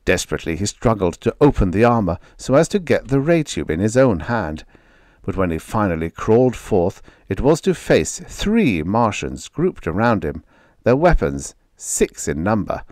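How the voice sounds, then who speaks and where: Deep, expressive male storyteller. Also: moderate pace, dry recording, studio quality. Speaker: audiobook narrator. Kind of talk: vintage sci-fi audiobook narration.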